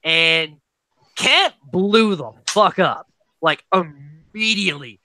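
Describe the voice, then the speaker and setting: A podcast host tells the story of the episode with animated energy, dropping "like" constantly as they recap. The voice sits in a middle pitch with a bright, forward tone. The sound is close and dry, with little room around it. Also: slow, dry recording.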